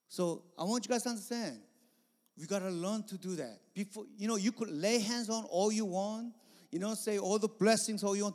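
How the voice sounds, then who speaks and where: A man preaching a sermon as pastor, animated, with sudden loud bursts. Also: high voice, big-room sound.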